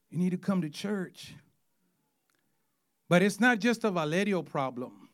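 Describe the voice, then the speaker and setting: A man in his forties, an evangelist telling his testimony in a sermon, animated and acting out quotes. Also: high-pitched, unhurried, pauses often. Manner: animated storytelling, acts out quotes.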